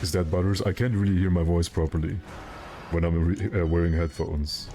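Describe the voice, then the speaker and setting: A man's voice: sits low, steady tone, a little fast, mellow, faint music behind. A male streamer chatting casually and rambling, with self-mocking jokes while he plays. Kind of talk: casual gaming stream chat.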